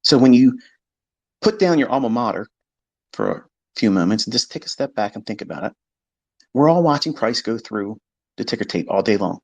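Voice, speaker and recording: A man's voice: medium pitch, very animated, fairly quick, pauses often, a little mellow, husky, no echo. A man giving a blunt, profane, combative monologue about trading, mimicking his critics along the way. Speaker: trading educator. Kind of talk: unscripted monologue lecture.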